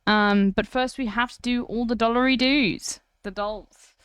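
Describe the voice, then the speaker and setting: A young South African woman with a South African accent, casually chatting to her live-stream viewers, blunt and quick to swear. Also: on the high side, steady tone, fairly bright tone, smooth, dry recording, studio quality. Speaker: livestreamer.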